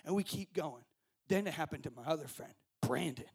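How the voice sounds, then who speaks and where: A young man telling a story to a group as a camp speaker, acting out scenes with shouts and voices. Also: a little high, animated, a little fast, slightly rough.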